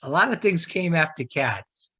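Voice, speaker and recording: A man's voice: fairly high pitch, sing-song, normal speed, bright, forceful tone, slightly rough, no room sound. A man hosting a casual interview who laughs easily and keeps the guest going with short encouraging interjections. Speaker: podcast host.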